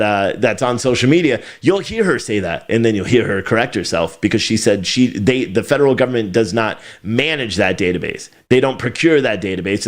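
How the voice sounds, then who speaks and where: A middle-aged man hosting a news commentary show, sarcastic and ranting, laughing often and swearing freely. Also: medium pitch. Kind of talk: casual opinionated commentary.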